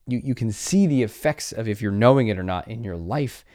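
A man's voice: fairly low pitch, expressive, fairly quick, darkish tone. A man hosting a podcast, talking earnestly in a coaching tone and acting out the voices of people he quotes. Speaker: podcast host. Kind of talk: motivational podcast talk.

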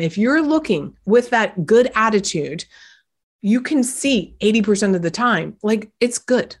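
A woman's voice: medium pitch, animated, unhurried. A woman hosting a self-help podcast who coaches her listeners directly, firing questions at them, talking casually and bluntly with some mild swearing. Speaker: podcast host. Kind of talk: motivational self-help talk.

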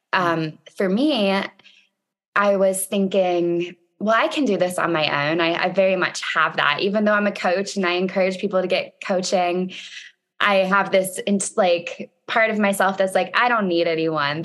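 A woman's voice: lowish voice, fairly bright tone. A woman coach telling a personal story in a candid, reflective way, with frequent fillers.

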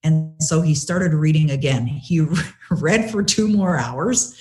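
Animated woman telling a story. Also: low voice, takes it slowly, soft background music. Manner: animated, retells conversations with lively quoting; many fillers and restarts. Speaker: guest author. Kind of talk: storytelling interview answer.

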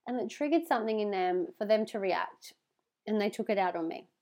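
A woman's voice: mid-range voice, lively intonation, brisk, darkish tone. A woman hosting a podcast, talking casually and earnestly to her listeners, heartfelt and swearing for emphasis. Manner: heartfelt, talks with hand on heart. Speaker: podcast host. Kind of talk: casual motivational monologue.

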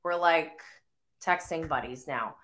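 Woman, 30s, podcast host, unhurried rambling chat, bright tone, flu cough. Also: deep voice. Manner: rambling, full of "like" fillers. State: getting over the flu, coughing. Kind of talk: casual chat.

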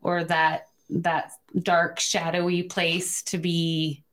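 Slow, reflective woman host. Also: lowish voice, monotone, a bit bright. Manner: reflective, measured phrasing. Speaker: podcast host. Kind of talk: interview conversation.

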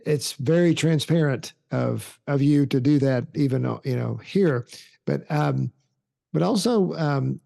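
A man hosting an interview, asking halting questions full of fillers. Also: on the high side, gravelly, warm tone. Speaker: podcast host.

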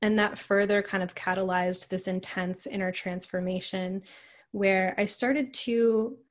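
A woman's voice: mid-range voice, fairly even intonation, measured pace. A young woman, a podcast guest, telling a personal story in a rambling way full of "like" and "you know". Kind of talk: casual conversational storytelling.

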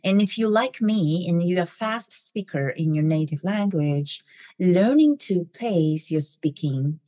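A middle-aged woman with a foreign accent delivers a motivational talk in a low, mellow voice. She speaks quickly, clips the ends of her words and leans on "right?" and "you know" as fillers. The sound is dry and close. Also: expressive, no echo. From immigrant to the US. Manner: fast talker who swallows word endings, frequent fillers like "right?" and "you know". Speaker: podcast host.

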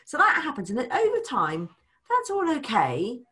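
A woman talking as a money coach in a casual chat, animated, acting out people's voices and swearing casually. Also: high voice, normal speed.

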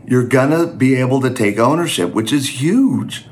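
A man delivers a Christian teaching talk at a middling pitch. He speaks earnestly and conversationally, sometimes poking fun at himself. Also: expressive, moderate pace, few pauses. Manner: earnest, conversational, self-deprecating. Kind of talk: sermon-style teaching talk.

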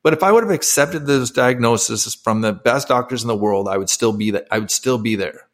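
A man in his forties with a medium-pitched voice speaks fairly quickly as an interview guest. He used to be an athlete and now coaches, and he shares his story candidly and emotionally, filling it with fillers.

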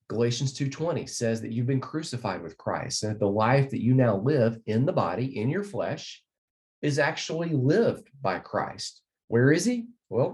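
With a mid-range, slightly mellow voice, a man teaches a recorded Bible lesson. He explains verses earnestly and repeats key phrases while moving through slides.

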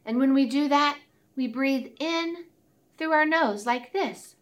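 A woman leading a children's circle time, gently speaking and singing nursery rhymes and songs. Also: high voice, slow pace. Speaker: children's teacher.

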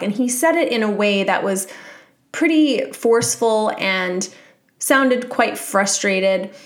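Woman, 30s, solo podcast host, calm and encouraging, mid-pitched voice. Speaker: podcast host and mindset coach.

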